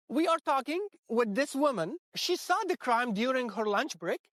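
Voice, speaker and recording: An actress playing a female TV news reporter in a scripted scene for English learners, speaking slowly and clearly. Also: on the high side, no echo. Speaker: reporter in a lesson video.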